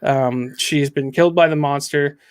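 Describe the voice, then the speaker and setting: A man's voice: on the high side, fairly even intonation, normal speed, clean tone. A man hosting a casual review chat, recapping a story with frequent ums and acting out the quotes. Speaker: comic book reviewer.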